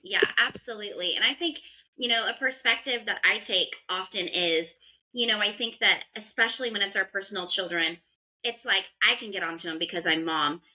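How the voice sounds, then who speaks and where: A woman's voice: mid-range voice, fairly quick, bright, forceful tone, rough recording. A woman behavior analyst earnestly explaining parenting habits on a podcast, sometimes acting out what a parent might say. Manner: earnest, explanatory, acts out parent praise lines. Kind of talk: conversational advice in a podcast.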